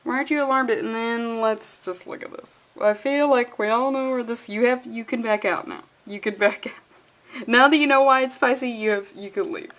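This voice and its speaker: Higher-voiced woman doing a sarcastic, incredulous comic-reading commentary, often laughing through her words. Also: normal speed, fairly bright tone, rough recording. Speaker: comic reviewer. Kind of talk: comedic comic-book reading.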